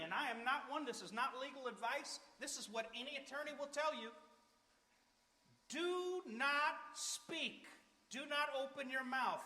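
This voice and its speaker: High-voiced preacher in an echoey hall. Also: male voice, pushed and bright. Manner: earnest, emphatic, conversational preaching. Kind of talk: sermon. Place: church sanctuary.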